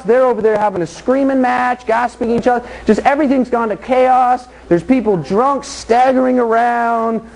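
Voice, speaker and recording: Joking high-voiced youth pastor. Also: male voice, darkish tone, low-quality recording. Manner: joking, illustrates with acted scenes from the congregation. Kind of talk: casual sermon to a youth group.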